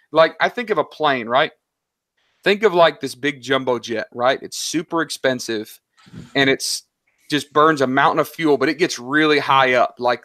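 A man talking casually as an interview guest, animated and slangy, telling stories about his business. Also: a little high, no echo, clean studio sound. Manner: animated, story-driven, slangy. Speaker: guest, online seller.

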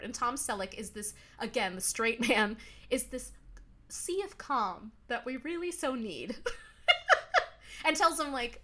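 A woman with a bright, high-leaning voice talks over a film with a co-host, her pitch bouncing up and down. She laughs often and jumps into the characters' lines. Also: lively intonation, normal speed. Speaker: podcast co-host. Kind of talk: casual chat reviewing a film.

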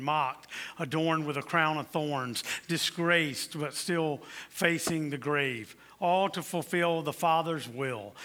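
A man's voice: a little high, pushed and bright. A man preaching a Christmas sermon, building to emphatic declarations and telling stories to his congregation. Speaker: pastor.

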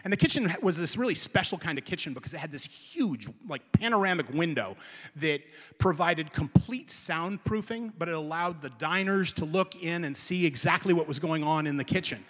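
A man telling a comic personal story to a live audience, lively and emphatic. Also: a little high, moderate pace, in a large hall.

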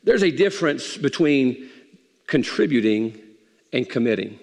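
A man's voice: mid-range voice, very animated, unhurried, darkish tone, big-room sound. A man preaching a sermon as pastor in a folksy, conversational way, in a church sanctuary.

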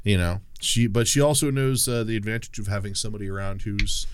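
A man's voice: fairly low pitch, fast talker, clear, resonant tone, dry recording. A man playing a tabletop game, describing his character in casual chat, rambling with many restarts. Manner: rambling, lots of fillers and restarts. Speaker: player.

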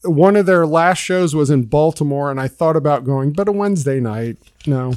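A middle-aged man co-hosting a casual podcast, with a high voice for a man. He is upbeat and jokey, recorded close and dry with no room sound. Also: a little mellow, smooth, dry recording. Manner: upbeat, joking, quick asides. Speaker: podcast co-host. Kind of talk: casual chat.

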